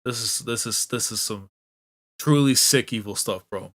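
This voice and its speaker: A male host reacting emotionally while reading through a manga, slangy and excitable, swinging between muttered dismay and loud outbursts. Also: mid-range voice, moderate pace.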